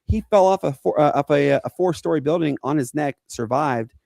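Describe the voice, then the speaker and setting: Man, forties, earnest halting storyteller, podcast co-host, gravelly. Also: on the high side, darkish tone, dry recording. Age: 40s. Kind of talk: emotional personal story on a podcast.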